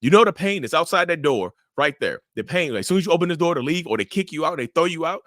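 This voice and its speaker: Animated man giving blunt relationship advice. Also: fairly high pitch, fast, no echo, clean studio sound. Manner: animated, preachy, repeats himself, acts out inner voices. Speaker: mental health channel host. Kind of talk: casual advice monologue to camera.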